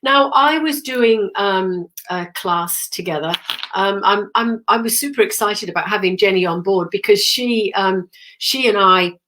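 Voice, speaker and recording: A middle-aged woman at an ordinary, middling pitch chats loosely on a live stream, trailing off into ums along the way. She has a cold and keeps pausing to clear her throat. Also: fairly bright tone. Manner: chatty and rambling, many ums and throat-clearing. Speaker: spiritual medium hosting a live stream. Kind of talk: casual live-stream chat.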